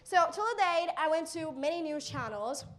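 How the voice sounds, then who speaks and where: A woman's voice: high-pitched, moderate pace. A teenage girl from India with an Indian English accent, telling her life story as a motivational speaker and acting out what people said. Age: teen. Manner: animated, acts out quoted exchanges.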